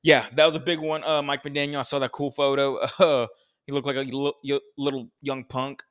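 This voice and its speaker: A man's voice: mid-range voice, flat delivery, a little fast, fairly bright tone, clear, resonant tone. A man co-hosting a podcast, chatting casually about football in a rambling, opinionated, profane way. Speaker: podcast co-host. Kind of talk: casual sports chat.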